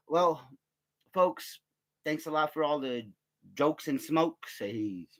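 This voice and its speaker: A man's voice: on the high side, expressive, drawn-out words. A man telling loose, profane stories in a casual vlog, laughing often and trailing off into fillers. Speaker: vlogger. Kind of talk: casual rambling storytelling.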